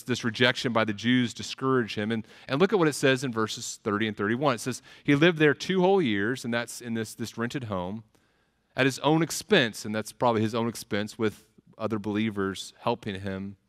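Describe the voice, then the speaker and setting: A man's voice: lowish voice, fairly bright tone. A man preaching a sermon as a pastor, earnest, often repeating words as he starts phrases.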